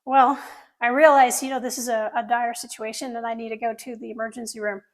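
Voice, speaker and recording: Surgeon, female, middle-aged; high voice, earnest first-person storytelling with audience asides. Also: little pitch movement, fairly quick. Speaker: plastic surgeon telling her story.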